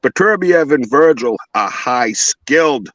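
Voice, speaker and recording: A man's voice: mid-range voice, expressive, measured pace, fairly bright tone, no echo. Swearing guy ranting about boxing, dry dull lo-fi sound. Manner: profane, blunt, rambling. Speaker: podcast co-host. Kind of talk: heated casual boxing chat.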